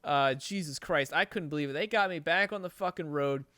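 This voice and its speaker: A man's voice: on the high side, brisk, no room sound, clean studio sound. Swearing, rambling male podcast host. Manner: profane, rambling, animated storytelling. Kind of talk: casual storytelling chat.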